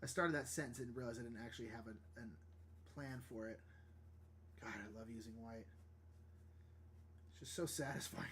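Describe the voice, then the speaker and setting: A man's voice: medium pitch, moderate pace, pauses often, a bit bright, a little hiss or hum. A young man chatting casually on a live stream while drawing, thinking aloud and laughing often. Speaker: livestream artist.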